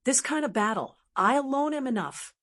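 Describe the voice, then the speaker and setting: A woman's voice: high-pitched, expressive, normal speed, fairly bright tone, voice pushed up. A woman reading an audiobook voices a confident young male fighter who declares he can fight alone. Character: young male martial hero, confident leader.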